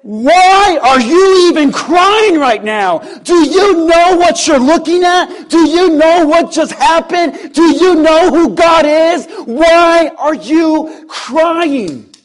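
A male preacher voicing an urgent, incredulous angel in a sermon, drawing out slow, insistent questions. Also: very high voice, sing-song, a bit bright, pitched above the performer's own voice, heavily acted.

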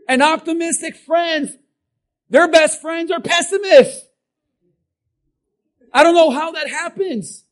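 A man preaching a sermon, asking his congregation questions and swinging between shouted passages and quiet ones. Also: very high-pitched, a little slow, pauses often. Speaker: pastor.

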